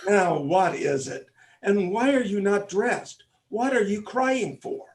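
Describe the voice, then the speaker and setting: A man's voice: sits high, animated, takes it slowly. Man playing a fussy pompous father. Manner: pompous, fussing. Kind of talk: stage comic opera acting.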